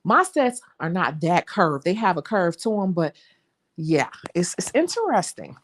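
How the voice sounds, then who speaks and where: A young adult woman with a Chicago accent, a nail technician chatting to her viewers in an animated, talkative way. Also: fairly low pitch, a little slow, a little hiss or hum. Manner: chatty, animated storytelling, says y'all. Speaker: nail technician and channel host. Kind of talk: casual chat to viewers.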